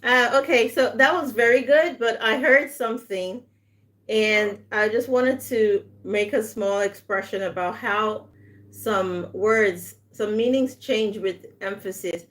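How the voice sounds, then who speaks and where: Female English tutor, live online session, slow and patient, models stress out loud, bilingual asides in French. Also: medium pitch. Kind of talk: live online language lesson.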